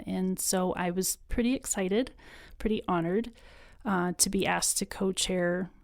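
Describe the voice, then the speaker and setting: A woman talks earnestly as a podcast guest, her voice sitting a bit low. The recording is dry and close, with no room sound. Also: dry recording. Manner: earnest, emotional at times, laughs. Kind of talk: conversational interview.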